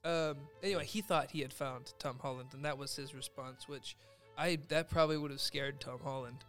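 A man's voice: mid-range voice, fairly quick, music in the background. A man co-hosting a podcast, chatting casually, rambling and laughing often with many restarts. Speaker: podcast co-host. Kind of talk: casual chat. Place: podcast studio.

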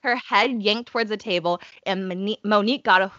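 A woman's voice: medium pitch, fairly quick, dry recording, muffled recording. A woman co-hosting a casual chat, telling events emphatically and swearing freely. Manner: animated, emphatic storytelling with swearing. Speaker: podcast co-host.

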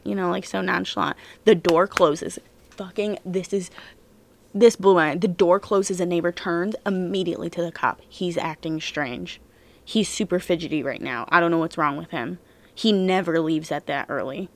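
Woman podcast host, casual storyteller, low-ish voice, lots of fillers, swears freely. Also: normal speed, vocal fry. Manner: chatty, heavy "like" fillers, blunt swearing, exasperated outbursts. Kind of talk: casual true-crime storytelling.

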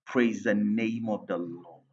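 This Ghanaian-accented man preaches as a pastor with a lowish, husky voice, keeping a steady tone and a slow pace. His emphatic sermon alternates English and Twi, growing louder and softer by turns, on a dull lo-fi recording.

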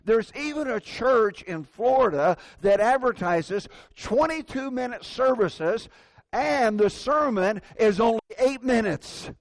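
A man's voice: very high voice, lively intonation, slow, no echo. An older man preaching a sermon, telling folksy, self-deprecating stories from everyday life.

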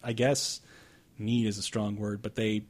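A man's voice: fairly low pitch, little pitch movement, a little slow. A man hosting a casual movie review podcast, loose and joking, laughing often. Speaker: podcast host. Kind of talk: casual chat.

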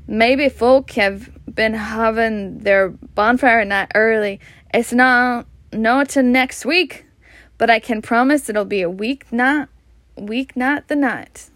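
A chatty, folksy TV weatherman from a storybook, as a woman reading aloud puts him on. He talks in a relaxed Scottish way, slow and fairly high. The sound is dry and close. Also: no room sound. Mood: jovial.

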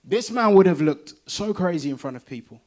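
A man's voice: high voice, animated, fairly quick, a little mellow. A man preaching a sermon in an emphatic, repetitive way that builds intensity.

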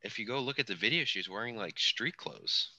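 A man with a very low voice and a bright, forceful edge talks through a show recap in a casual, excited way. He corrects himself often, and the sound is dry and close with no room echo. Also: fairly quick, dull audio. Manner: chatty, self-correcting, enthusiastic. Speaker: podcast co-host.

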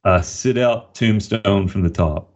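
A man playing a rookie male wrestler who calls himself a reverse vampire, deadpan and playing along. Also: fairly low pitch, unhurried, vocal fry, lo-fi sound.

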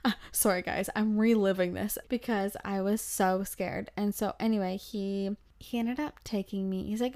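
Animated young woman telling a travel story. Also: mid-range voice, moderate pace, few pauses. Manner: animated, breathless, acts out quotes. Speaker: podcast host. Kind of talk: casual storytelling.

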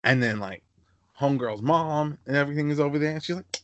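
A young man hosting a casual podcast chat, telling animated stories and slipping into high-pitched voices for the people he quotes. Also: fast, no echo, highs cut off. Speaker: podcast host.

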